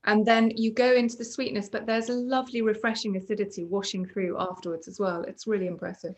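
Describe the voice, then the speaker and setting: A woman's voice: mid-range voice, steady tone, quick pace, a little mellow. A woman on a panel describing wines in appreciative, descriptive terms. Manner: descriptive, appreciative tasting notes. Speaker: wine writer panelist. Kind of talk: casual panel discussion.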